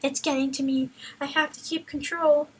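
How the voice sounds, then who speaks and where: A woman's voice: high-pitched, level tone, normal speed, close to an everyday voice, poor audio. A woman voicing a determined young male cat fighting an evil pull, read earnestly with little change from her own voice. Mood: resolved.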